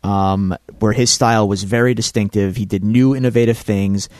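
A man's voice: fairly low pitch, fairly even intonation, normal speed, darkish tone, no room sound, studio quality. A man co-hosting a casual podcast about comics and films, often interrupting to push back on points. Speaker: podcast co-host.

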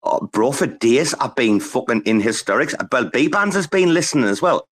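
Male host, casual sweary banter, average pitch. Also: big pitch swings, normal speed, fairly bright tone, slightly rough. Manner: loose, swearing, joking banter. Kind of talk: casual chat.

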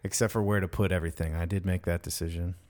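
A man's voice: deep voice, steady tone, fast, a little mellow, slight background noise. A man hosting a casual podcast from his home studio, talking with enthusiasm and heaping praise on his guest. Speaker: podcast host.

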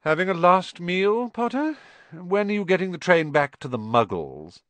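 Man playing a sneering spoiled schoolboy bully, taunting, high and loud, dry close sound. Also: sing-song, moderate pace, no room sound.

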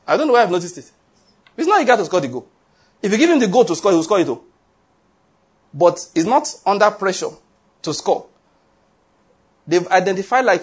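A pastor preaches a sermon with animated storytelling, asking the congregation rhetorical questions. His voice sits high and sounds husky.

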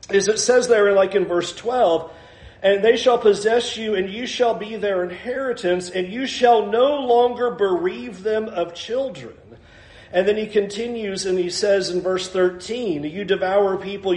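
A man's voice: sits high, a little mellow, roomy sound. A male pastor preaching a sermon, reading scripture aloud and explaining it verse by verse.

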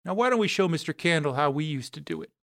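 Brief: man reading a ruthless sneering mobster, slightly high, dry sound. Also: animated, fast, a bit bright, no echo. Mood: menacing. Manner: sneering, threatening.

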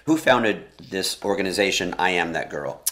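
A man's voice: sits low, normal speed, a bit bright. A man interviewing a guest, asking plain, direct questions.

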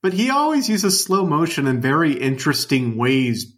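A man's voice: a little high, big pitch swings, normal speed. A man co-hosting a podcast, talking films in an enthusiastic, rambling way. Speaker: podcast co-host. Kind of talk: casual film discussion.

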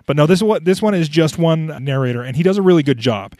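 A man's voice: fairly high pitch, expressive, fast, a little mellow, no room sound, studio quality. A man hosting a podcast, chatting casually and often restarting his sentences. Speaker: podcast host. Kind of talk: casual chat.

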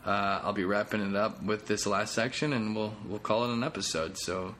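Rambling, jokey low-voiced man. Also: fairly even intonation, moderate pace, fairly bright tone, a little hiss or hum. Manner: rambling, jokey, self-deprecating. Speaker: comedian and podcast host. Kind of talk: casual podcast monologue.

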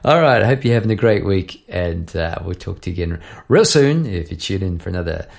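Man, New Zealand accent, gravelly, low voice, middle-aged podcast host, relaxed rambling chat. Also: a little fast. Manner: rambling, relaxed, with many restarts.

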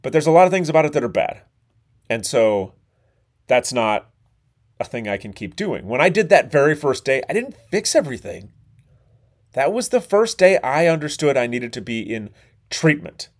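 Blunt, animated man. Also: normal speed. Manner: blunt and profane, animated swings in pitch and volume. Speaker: podcast host. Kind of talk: candid monologue.

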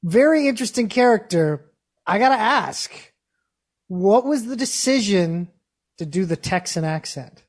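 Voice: medium pitch, animated, measured pace, slightly rough. A podcast co-host asking interview questions in a joking, teasing way, with some fillers. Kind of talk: casual interview chat.

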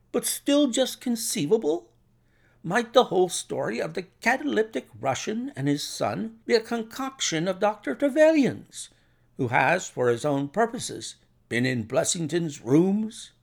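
A man's voice: high-pitched, sing-song, measured pace, creaky, voice pushed up, full character voice. A man voicing the detective's companion, asking in a raised voice. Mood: questioning.

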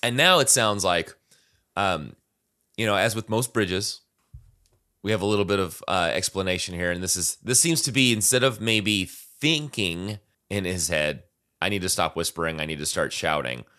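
Deep, bright-voiced man breaking down lyrics. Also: moderate pace. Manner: thoughtful, reads lyrics aloud and unpacks them with many fillers. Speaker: podcast co-host discussing song lyrics. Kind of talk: casual conversational analysis.

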